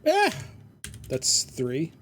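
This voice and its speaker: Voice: medium pitch, huge pitch swings, drawn-out words. A game streamer chatting casually through a live playthrough at a home computer, reading game text aloud and humming along to the music.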